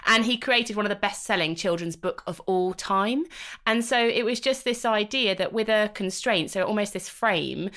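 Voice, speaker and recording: A woman co-hosting a casual book chat, explaining ideas through lively examples. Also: mid-range voice, moderate pace. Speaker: podcast co-host. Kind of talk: casual chat about books.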